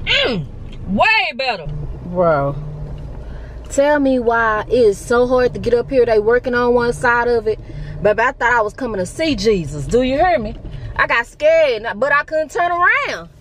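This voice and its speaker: A young woman vlogging casually, talking to viewers in an animated, slangy, joking way, first from a car and then outdoors on a hill. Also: a little high, normal speed, slight background noise, rough recording.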